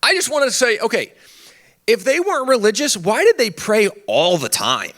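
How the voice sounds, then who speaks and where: A man addresses a conference crowd from the stage, his fairly high voice swinging widely as he talks. He keeps it conversational and funny, slipping in quick asides as he goes. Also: big pitch swings, a bit bright. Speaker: conference speaker on history. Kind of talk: animated conference talk.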